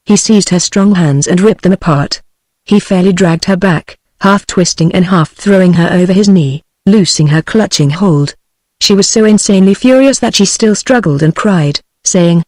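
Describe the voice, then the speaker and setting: A synthetic British English woman's voice reading a novel aloud in an even, uninflected way. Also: on the low side, normal speed, no room sound. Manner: even, uninflected delivery of dialogue and narration. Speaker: narrator.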